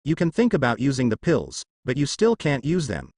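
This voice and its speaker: A man reading as a scared young woman who snaps out orders in a hurry, her voice trembling. The delivery swings lively up and down, recorded close and dry. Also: medium pitch, moderate pace, no room sound. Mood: urgent. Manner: trembling, hasty commands.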